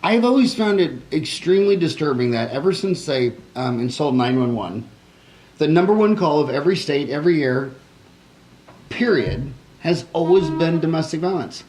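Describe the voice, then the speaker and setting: A man's voice: on the high side, lively intonation, normal speed, darkish tone, poor audio. A man hosting a podcast interview, asking long rambling questions full of fillers and restarts. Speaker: podcast host, dentist.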